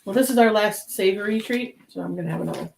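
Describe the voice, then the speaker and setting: A woman co-hosts a snack tasting show at an ordinary, middle pitch. She murmurs little tasting sounds between bites, then reads product blurbs in a bright, playful promo tone. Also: fast, creaky, a little hiss or hum, low-quality recording.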